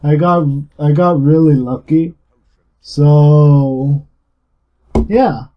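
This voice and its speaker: A young man giving casual, rambling gameplay commentary, swearing freely and talking louder and more energetic than usual. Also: on the high side, extremely slow, dull audio. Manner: rambling and heavily profane. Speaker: gaming YouTuber.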